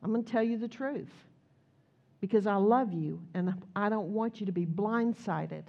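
A woman preacher voicing God as a calm, plain-spoken, reassuring male figure within her sermon. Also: mid-range voice, moderate pace, creaky, dull audio, close to an everyday voice.

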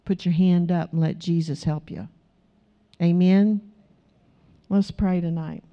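A woman's voice: lowish voice, fairly even intonation, slow, dark tone, lo-fi sound. A woman preaching a sermon in church, emphatic and asking her congregation rhetorical questions.

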